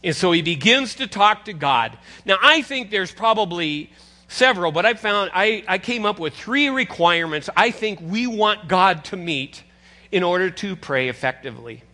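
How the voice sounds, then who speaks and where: An older man preaching a sermon as pastor, conversational and animated, teasing his congregation. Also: sits high, normal speed.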